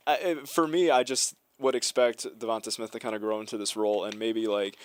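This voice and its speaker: A man's voice: on the low side, steady tone, a little fast. A man co-hosting a sports podcast in a college radio studio, easygoing, hedging his opinions and laughing often. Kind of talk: casual sports talk.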